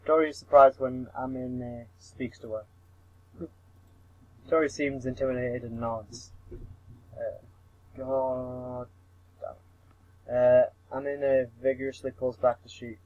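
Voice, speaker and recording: A man's voice: medium pitch, little pitch movement, slow pace, pauses often, a little mellow, dry recording, highs cut off. A young man reading a visual novel aloud for laughs, mumbling, tripping over words and swearing at himself. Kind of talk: comic read-through of a visual novel.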